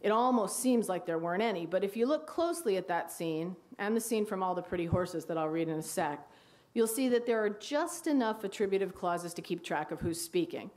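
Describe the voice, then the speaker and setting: A woman's voice: animated, brisk. A woman teacher giving a wry talk on writing dialogue, reading passages aloud. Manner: wry, reads quoted dialogue in a hushed low voice. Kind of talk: lecture with read-aloud excerpts. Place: lecture hall.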